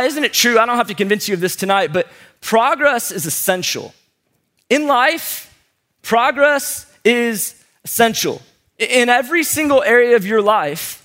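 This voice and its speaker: Young male speaker, high voice, chatty storyteller, casual sermon with audience banter. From St. Louis, USA. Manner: chatty, joking storyteller with many fillers; playful, animated quoted voices.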